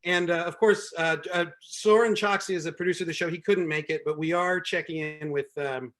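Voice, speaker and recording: A man's voice: fairly high pitch, fairly even intonation, a little fast, fairly bright tone. A man doing a wry stand-up set and hosting a show from home over a video call, rambling with many ums and restarts. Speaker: comedian and show host.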